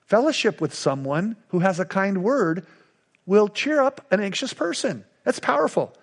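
A man's voice: sits high, sing-song, normal speed. A middle-aged male pastor preaching a sermon with emphatic, repetitive call-and-response lines.

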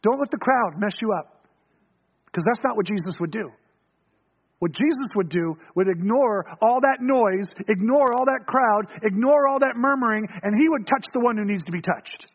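A man preaching a sermon, telling the story and acting out quoted voices, swinging from quick, loud runs to low, hushed lines. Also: animated, dull audio.

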